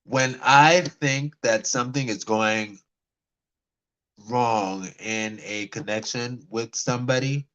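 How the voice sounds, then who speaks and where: A man vlogging to camera, telling a personal dating story in a rambling way, stammering and restarting often and dropping into quiet murmured asides. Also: medium pitch, takes it slowly, low-quality recording. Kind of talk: casual talk to camera.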